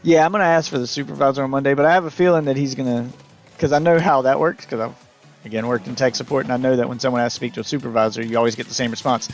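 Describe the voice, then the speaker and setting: A man's voice: mid-range voice, very fast, faint music behind. A man streaming live, telling a long story in a casual, exasperated rant that stumbles and restarts as he gets worked up. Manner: exasperated, animated ranting with restarts.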